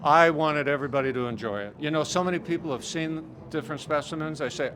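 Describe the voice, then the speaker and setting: A man's voice: fairly high pitch, fast talker, few pauses. An older man, a longtime collector, answering interview questions in a reflective way. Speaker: mineral collector guest. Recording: busy crowd noise behind. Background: crowd chatter.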